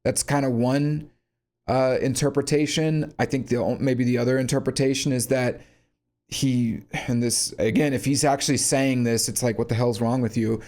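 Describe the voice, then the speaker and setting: A man's voice: mid-range voice, fairly even intonation, normal speed, darkish tone. A man giving a casual, blunt critique of a song, sarcastic and free with swearing. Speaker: song reviewer.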